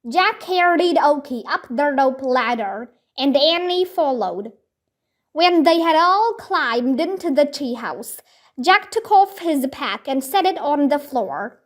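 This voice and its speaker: A woman reading a children's book aloud in calm, clear storybook narration. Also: high-pitched, slow pace.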